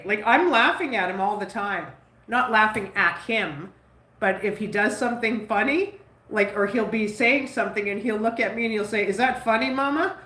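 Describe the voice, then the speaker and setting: A woman with a stuffy nose rambles casually to her viewers while she bakes. Her talk wanders, peppered with "like," in a middle pitch. The room around her rings with echo. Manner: rambling, chatty, warm toward her son, many "like"s. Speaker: vlogger. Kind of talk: casual chat while cooking. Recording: roomy echo.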